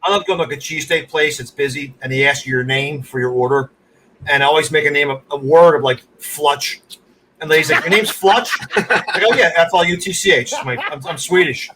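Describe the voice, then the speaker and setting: A man's voice: fairly high pitch, brisk, sharp tone, slight background noise, poor audio. A man co-hosting a comedy podcast, telling rambling anecdotes and restarting his sentences. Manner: rambling anecdotal, self-interrupting. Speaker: comedian co-host. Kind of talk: casual comedy podcast chat.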